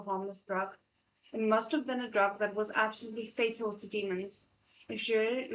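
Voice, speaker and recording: A stern, protective male immortal master, as a woman reads him aloud. He speaks severely and presses hard on every word. The voice sits at an ordinary middle pitch. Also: a little hiss or hum, close to an everyday voice, poor audio. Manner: severe, firm and emphatic. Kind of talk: live read-aloud of a novel.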